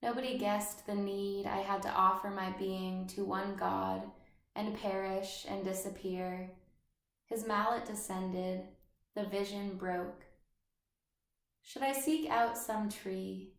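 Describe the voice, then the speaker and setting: A woman reading literary prose aloud in a measured, even way. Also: medium pitch, creaky. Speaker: audiobook reader. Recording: roomy echo.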